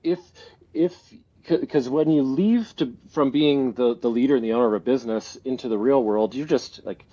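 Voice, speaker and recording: A man's voice: mid-range voice, moderate pace, mellow. A Canadian man in his forties, a guest speaking reflectively in a casual interview, often laughing and restarting his thoughts. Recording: slightly dull lo-fi audio.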